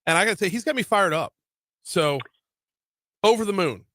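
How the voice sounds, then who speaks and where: A man hosting a radio talk show, chatty and energetic, often repeating words as he starts a sentence. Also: high voice, normal speed, no echo. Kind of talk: radio interview.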